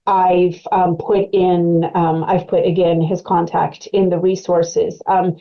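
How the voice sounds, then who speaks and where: A woman's voice: on the low side, flat delivery, takes it slowly. Woman explaining over a muffled webcast. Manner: conversational and explanatory, with frequent fillers. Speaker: autism clinical specialist presenting. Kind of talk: educational webcast presentation.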